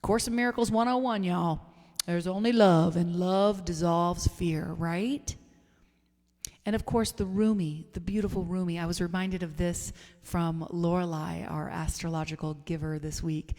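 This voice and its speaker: A woman minister giving a gentle, meditative sermon, soft and unhurried, sometimes sinking toward a whisper. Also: lowish voice, fairly even intonation. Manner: soft, slow, gentle, drifting into near whispers. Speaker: spiritual minister. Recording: long hall reverb, faint music.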